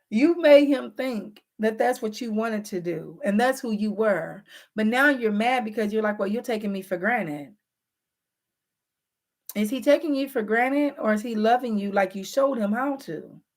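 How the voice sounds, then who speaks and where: A slightly high-voiced woman hosting a casual relationship advice vlog, speaking directly to her audience. She is frank and teasing, and she acts out both sides of everyday arguments. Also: a little mellow. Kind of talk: casual advice talk to viewers.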